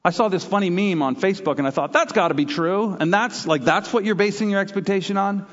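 A man's voice: high-pitched, fast talker, in a large hall, lo-fi sound. A man from Canada preaching a sermon, telling stories animatedly and acting out quoted voices. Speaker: pastor.

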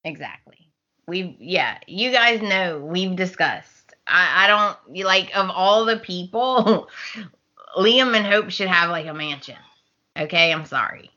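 A woman's voice: on the low side, animated, slow pace, sharp tone, dull audio. A woman co-hosting a podcast, recapping a soap opera in casual chat, acting out the characters' lines and laughing often. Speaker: podcast co-host.

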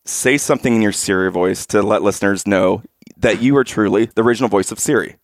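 A man's voice: on the low side, fast, no echo. An upbeat, eager man co-hosting an interview podcast. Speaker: podcast co-host.

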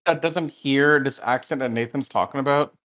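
A man's voice: medium pitch, moderate pace, muffled recording. A man co-hosting a casual review podcast, blunt and opinionated. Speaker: podcast co-host.

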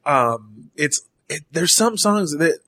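A band member appears as a guest in a podcast studio, chatting casually and rambling with frequent restarts and casual swearing. His slightly high voice is expressive, slow, bright, and forceful, captured in a dry recording.

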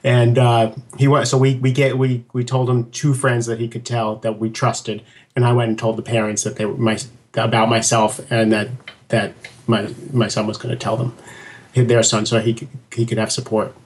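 A middle-aged man, a guest on an interview show, telling a personal story in a lively, laughing way and acting out what others said. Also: medium pitch, moderate pace. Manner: animated, laughing storyteller who acts out quotes. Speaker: podcast guest.

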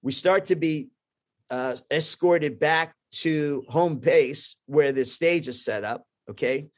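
A middle-aged man with a slightly high voice tells a story in an animated way. He often restarts his sentences and jumps between scenes. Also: slow pace. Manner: lively anecdote-telling with many restarts and quoted voices. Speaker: guest, orthopedic surgeon.

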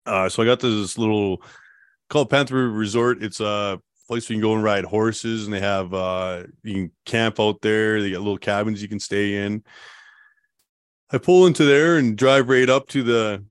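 A man guest telling his story in a casual interview, rambling and relaxed, with lots of fillers and laughs. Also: lowish voice, moderate pace, smooth, no room sound, clean studio sound.

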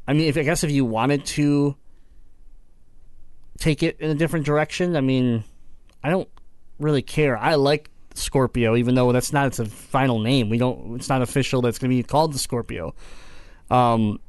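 A man hosting a casual gaming podcast, talking in a relaxed, rambling way with plenty of fillers and restarts. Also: mid-range voice, clear, resonant tone, no room sound. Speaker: podcast host.

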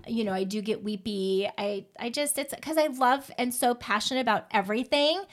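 A woman in her forties with a somewhat high voice, co-hosting a relaxed conversation. She tells stories in an animated way and gets emotional quickly, acting out bits of dialogue as she goes. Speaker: podcast co-host. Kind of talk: casual chat.

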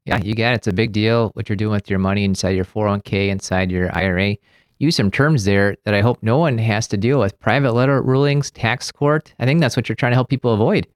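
A man's voice: on the low side, quick pace, no echo, studio quality. A middle-aged man hosting a podcast, upbeat and friendly in his banter with guests. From Maryland. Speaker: host.

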